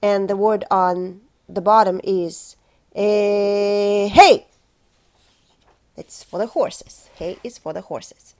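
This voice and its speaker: A woman leads singers through pronunciation practice, speaking at an unhurried pace. She breaks each word into careful syllables and repeats phrases in rhythm. Her voice has a warm, mellow tone. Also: medium pitch, fairly even intonation. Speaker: choir pronunciation coach. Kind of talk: slow pronunciation lesson.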